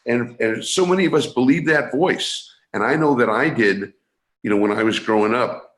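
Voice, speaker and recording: A man from San Francisco speaks as an interview guest over a video call, his voice sitting at an ordinary middle pitch. His speech is halting, full of restarts and repeated words, and the room around him rings with a noticeable echo. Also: a bit bright. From San Francisco, USA. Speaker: guest, energy awareness coach. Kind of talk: explanatory interview talk. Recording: echoey room sound.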